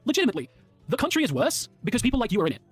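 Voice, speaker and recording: A man's voice: very high voice, wildly swooping pitch, very fast, breathy edge, dry recording, faint music behind. An English man delivering a heated, indignant commentary rant with lots of swearing. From England. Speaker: commentary guest. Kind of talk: ranting commentary.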